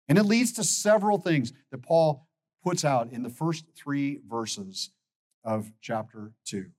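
Pastor, man in his fifties, slightly high-pitched, preaching emphatically with repeated words. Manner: emphatic, repeats words when building a point. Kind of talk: sermon.

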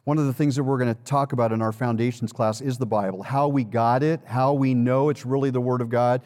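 A man preaching a sermon as a pastor, emphatic, with dramatic pauses and repetition. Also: medium pitch, fairly even intonation, darkish tone. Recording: long reverb of a large hall.

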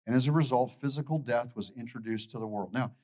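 A man's voice: mid-range voice, fast talker, a little mellow. Emphatic man preaching a sermon. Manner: emphatic, repeats words when building a point. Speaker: pastor.

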